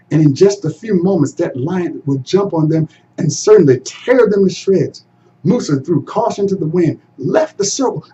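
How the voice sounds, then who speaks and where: Male storyteller telling a folktale, slow and super animated, bit distant, dull sound w faint hum. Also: on the high side. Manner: expressive, dramatic swings from hushed to loud. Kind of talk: dramatic oral storytelling.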